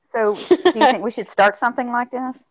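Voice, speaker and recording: A woman with a Southern US accent chatting casually, animated and drawling, calling people honey. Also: a little high, moderate pace, no room sound. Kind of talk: casual chat. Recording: dry, lo-fi stream audio.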